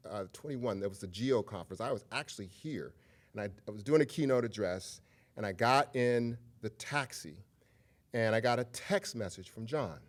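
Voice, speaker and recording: Animated man giving a lecture. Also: fairly low pitch, normal speed. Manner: animated and conversational, addresses audience directly. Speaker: guest lecturer. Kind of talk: public lecture with storytelling.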